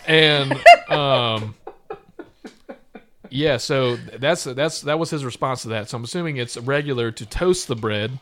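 A man's voice: medium pitch, measured pace, a bit bright, slight background noise. A man from the United States hosting a casual podcast chat, rambling and joking with frequent laughs. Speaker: podcast host.

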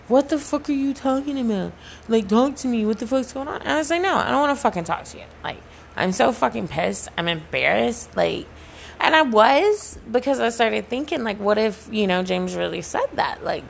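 A woman's voice: mid-range voice, creaky, fairly bright tone, slight background noise. A young woman telling a profane, emphatic story in a casual vlog rant, packed with "like" and swearing. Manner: profane, emphatic, heavy use of "like".

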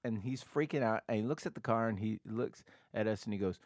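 A man's voice: lowish voice, fairly quick, hardly any pauses, no room sound, studio quality. A man co-hosting a podcast, telling stories in casual chat, acting out voices and laughing often. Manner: animated storyteller, acts out voices and laughs often. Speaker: podcast co-host.

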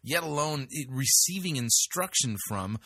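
Sarcastic husky man commentating. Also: a little high, lively intonation, a little slow, sharp tone, no room sound, clean studio sound. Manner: sarcastic, mocking. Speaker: host. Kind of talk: commentary on played clips.

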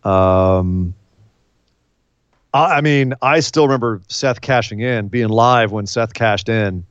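A man co-hosting a casual podcast, excitable and animated, acting out big moments with shouts and laughs. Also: on the low side, takes it slowly, clear, resonant tone, dry recording, lo-fi sound. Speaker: podcast co-host.

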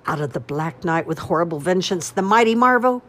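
A woman voicing a wild little girl who shouts dramatic lines in a storybook reading. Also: fairly low pitch, animated, a little fast, pitched above the performer's own voice. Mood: shouting.

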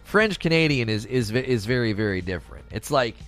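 A man's voice: medium pitch, expressive, a little fast, fairly bright tone, soft background music. A man livestreaming in casual chat, teasing and bantering with his viewers as he reads their comments.

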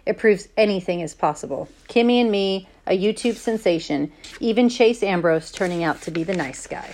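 A woman's voice: medium pitch, normal speed, a little mellow. A woman teacher reading a novel aloud to her class in a plain, conversational way.

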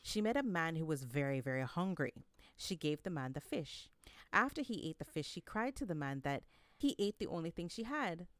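A woman telling folk tales aloud with an expressive, read-aloud delivery. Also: sits low, normal speed, dry recording. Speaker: storyteller. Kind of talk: storytelling narration.

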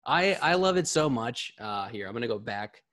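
A man hosts a live podcast in an easygoing chat, running on excitedly from one thought to the next. He swears without a second thought and sounds worked up. His voice sits at an ordinary middle pitch. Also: moderate pace. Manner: excitable and rambling, swears freely. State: a bit out of breath. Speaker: podcast host.

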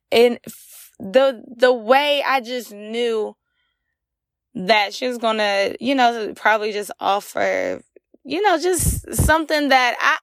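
A young woman with a fairly high voice tells a personal story on her own podcast. She talks in a raw, emotional, rambling way with lots of fillers, close to the mic in a dry room with no echo. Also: a bit bright. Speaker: podcast host. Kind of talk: candid solo podcast monologue.

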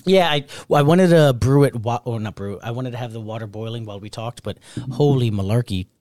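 Casual male co-host, dry close sound, mid-pitched, chatty storyteller who laughs a lot. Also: fairly quick, darkish tone, dry recording. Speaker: podcast co-host; restaurant server. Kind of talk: casual chat.

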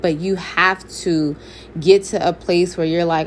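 A woman's voice: on the low side, fairly even intonation, measured pace. A young adult woman gives a candid, preachy faith testimony, speaking straight to her viewers in a casual way. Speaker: faith vlogger. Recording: faint background noise.

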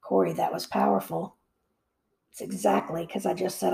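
A woman's voice: fairly low pitch, flat delivery, moderate pace, creaky, mellow. A woman reading a Christian devotional book aloud, stopping for brief comments and repeating phrases for emphasis.

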